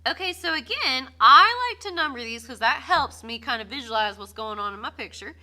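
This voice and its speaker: A woman walks through a geometry lesson, bubbly and quick to poke fun at herself while cheering on her students. Her voice sits high and swings widely in pitch. It has a bright, sharp edge. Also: animated. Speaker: math teacher.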